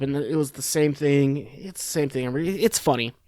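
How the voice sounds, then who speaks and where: A man hosts a podcast, offering casual political commentary that rambles and turns sarcastic and profane. His voice sits at a medium pitch with big swings, moves at a normal speed, and has a darkish tone. The recording is clean studio sound with no room sound.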